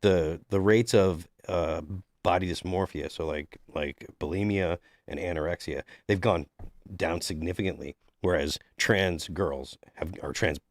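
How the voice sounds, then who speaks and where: Male podcast co-host, deep and dry, earnest and rambling. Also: unhurried, no room sound. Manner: earnest, frequent restarts. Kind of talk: casual panel discussion.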